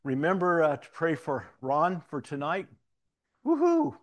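A man's voice: a little high, normal speed, a bit bright. A man in his sixties with a Southern-tinged Missouri accent, giving a folksy, anecdotal talk from the front of a church. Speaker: church leader.

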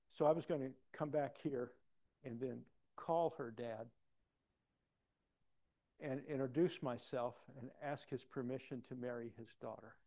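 A man preaching a personal testimony, acting out dialogue and swinging from soft to loud. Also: medium pitch, creaky. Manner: animated, acts out dialogue, big swings in loudness. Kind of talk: sermon storytelling.

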